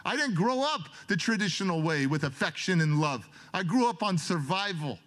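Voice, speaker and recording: Male motivational speaker, high voice, dramatic storytelling delivery. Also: expressive, moderate pace. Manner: storytelling, dramatic, swings from loud to soft. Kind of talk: emotional motivational speech.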